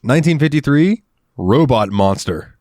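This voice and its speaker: A man's voice: medium pitch, lively intonation, normal speed, a little mellow, dry recording, clean studio sound. A man on a podcast reading film trivia aloud with wry, laid-back asides in casual chat. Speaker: podcast co-host.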